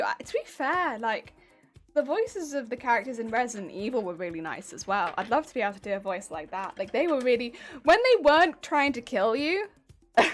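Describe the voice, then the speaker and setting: A woman streamer chatting casually with viewers while she does machine embroidery, laughing often and poking fun at her own grating voice. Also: sits high. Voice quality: grating, honking voice.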